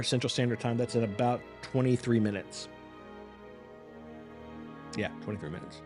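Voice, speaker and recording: A man's voice: mid-range voice, fairly even intonation, moderate pace, pauses often, darkish tone, faint music behind. A man hosting a live reaction stream, chatting casually with viewers in a rambling, apologetic and self-mocking way.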